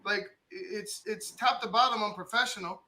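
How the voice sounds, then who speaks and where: High, animated male sports talker. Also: moderate pace, rough recording. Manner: animated, stumbles and repeats, retells with "I was like". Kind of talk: sports talk radio.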